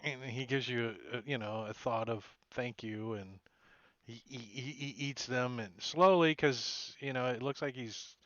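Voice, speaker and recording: A man running a tabletop session as game master, talking the players through the scene in a loose, meandering way. His voice sits at an ordinary middle pitch. The stream audio is dull and lo-fi, with a dry, close sound and no room echo. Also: a little slow, fairly bright tone. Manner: casual, rambling descriptions that often break into laughter. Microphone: home computer mic for an online session.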